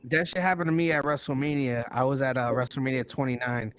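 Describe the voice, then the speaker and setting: A man co-hosting a live podcast, telling a story in relaxed casual banter and acting out the quotes. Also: medium pitch, fast talker, smooth. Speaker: podcast co-host.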